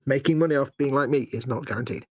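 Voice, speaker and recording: A man's voice: mid-range voice, quick pace, no echo. A British man co-hosting a live painting stream, bantering with jokes, teasing and cheeky asides. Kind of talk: casual banter while painting.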